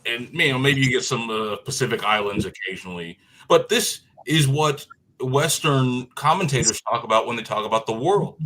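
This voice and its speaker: A man's voice: mid-range voice, animated, moderate pace, sharp tone, rough recording. A man appearing as a guest on a radio talk show, making an earnest political argument. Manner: earnest, argumentative, with frequent fillers and restarts. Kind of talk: political commentary in conversation.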